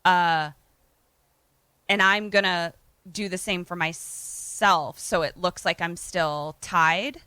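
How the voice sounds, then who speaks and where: A woman's voice: fairly low pitch, steady tone, slow pace, pushed and bright, clear, resonant tone, no room sound. A young woman co-hosting a podcast, reacting playfully and gaming out what she would do. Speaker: podcast co-host. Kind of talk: casual chat.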